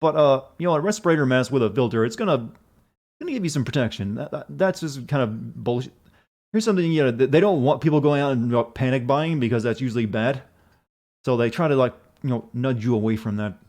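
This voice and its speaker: A man's voice: medium pitch, fast, a little mellow. A man streaming a video game, chatting casually, answering chat messages in a rambling, profane way.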